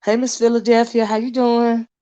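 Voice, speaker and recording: A woman's voice: on the high side, level tone, moderate pace, warm tone, smooth, highs cut off. Chatty woman hosting a livestream. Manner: chatty, greets viewers by name, laughs often. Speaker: livestream host. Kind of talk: casual livestream chat.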